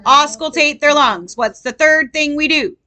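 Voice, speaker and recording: A woman's voice: sits high, unhurried, sharp tone. A woman tutoring nursing students in a casual review lesson, quizzing them and acting out patients.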